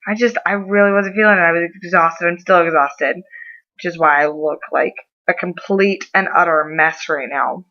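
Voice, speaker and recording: A young woman vlogger with a bright, sharp voice tells a story to camera in a chatty, theatrical way. She plays every moment up for drama. The audio is slightly muffled and lo-fi. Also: on the low side, normal speed. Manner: animated, over-the-top storyteller who dramatizes. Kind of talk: casual storytelling vlog.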